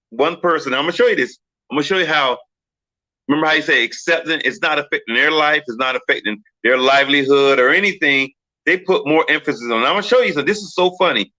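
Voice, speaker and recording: Bright-voiced man telling stories animatedly. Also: medium pitch, brisk, no room sound, highs cut off. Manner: animated storyteller, acts out quoted voices. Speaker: podcast host. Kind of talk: casual discussion.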